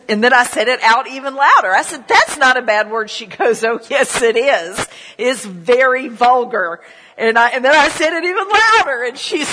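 A middle-aged woman preaches in a relaxed, storytelling way, drifting into friendly asides as she goes. Her voice rings out with a long reverb in a church hall, at a medium pitch for a woman. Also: slight background noise. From southern United States. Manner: chatty, storytelling, many "you know" asides. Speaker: pastor. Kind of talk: sermon with prayer and personal stories.

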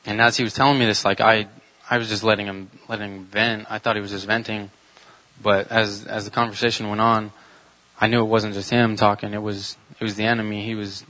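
A young man giving an earnest, halting personal faith testimony with many restarts. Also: lowish voice, fairly bright tone, rough recording. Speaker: testimony speaker.

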